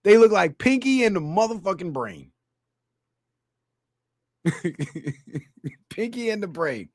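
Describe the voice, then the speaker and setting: A man's voice: high-pitched, very animated, slow pace, a little mellow, dry recording, clean studio sound. A man hosting a ranting comedy commentary, crude and mocking, laughing at his own jokes. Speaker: channel host.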